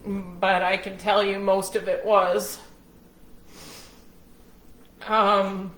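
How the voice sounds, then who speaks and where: A woman's voice: medium pitch, bright, forceful tone. A woman telling her own story to the camera at home, speaking bluntly and without shame. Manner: candid, blunt, unashamed. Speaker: person recounting her own ordeal. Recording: roomy echo.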